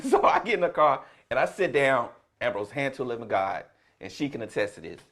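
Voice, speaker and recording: A man's voice: mid-range voice, very animated, fairly quick, fairly bright tone. A middle-aged man tells a story with a lot of swing in his voice, rising and falling. He is a comedian in a casual chat, and he laughs through his punchlines. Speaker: comedian guest.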